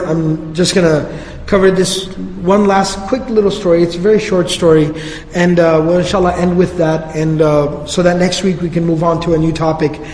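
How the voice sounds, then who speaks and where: A man's voice: on the high side, slight background noise. A man telling religious history stories in a casual, conversational lecture with slangy asides. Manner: conversational, slangy, animated storytelling. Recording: reverberant hall.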